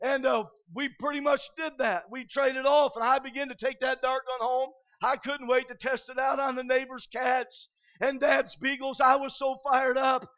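High-voiced shouting preacher from Michigan. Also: male voice, level tone, normal speed. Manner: shouted, impassioned preaching with frequent "uh" fillers. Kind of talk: revival sermon. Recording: dull lo-fi recording.

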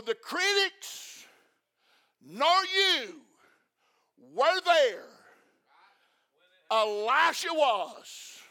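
A male preacher delivering an impassioned sermon, repeating phrases and breaking into shouts. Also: very high-pitched.

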